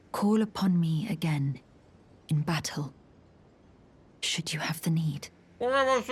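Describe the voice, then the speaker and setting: An actress voicing a soft-spoken, earnest young woman warrior in a breathy, hushed voice, in a whispered role-play. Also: lowish voice, a little hiss or hum, close to an everyday voice.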